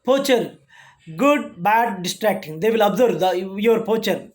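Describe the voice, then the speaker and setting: Lecturer, mid-pitched voice, reads out each point and then re-explains it with halting restarts. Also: lively intonation. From India. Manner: reads points aloud then rephrases them, with frequent restarts. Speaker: college lecturer. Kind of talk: classroom lecture.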